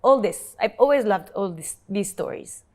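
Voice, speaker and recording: A woman, telling her own life story as an interview guest in an earnest, halting way, often repeating words when moved. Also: mid-range voice, animated. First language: French. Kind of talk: emotional personal storytelling. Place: Dubai.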